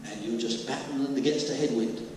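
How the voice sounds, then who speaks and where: A pastor with a medium-pitched, slightly mellow voice speaks at normal speed amid slight background noise. In a church hall, recorded with a distant mic in an echoey space, he preaches through anecdotes with jokey asides and bursts of mimicry in little voices.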